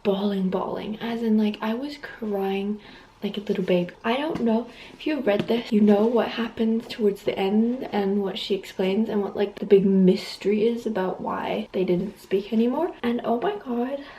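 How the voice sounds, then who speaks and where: A woman's voice: medium pitch, moderate pace, mellow, reverberant, slight background noise, low-quality recording. A woman in her twenties chatting casually in a reading vlog, rambling and full of fillers. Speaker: vlogger. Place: messy bedroom. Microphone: phone camera.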